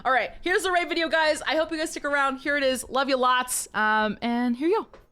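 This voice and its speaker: A woman's voice: high voice, a little fast, sharp tone. A woman streamer chatting casually and giggling as she rambles to her viewers. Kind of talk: casual live-stream chat.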